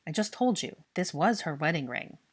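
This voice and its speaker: A woman voicing an irritable, blunt young wizard who speaks gruffly. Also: low voice, lively intonation, a little fast. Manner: gruff and cross.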